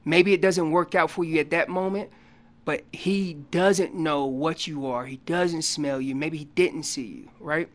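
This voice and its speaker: A man on a radio show explaining elk calls in a folksy, animated way, acting out what the animals are saying. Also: fairly high pitch, a little slow. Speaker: elk calling guest expert. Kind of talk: casual radio interview explanation. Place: radio studio.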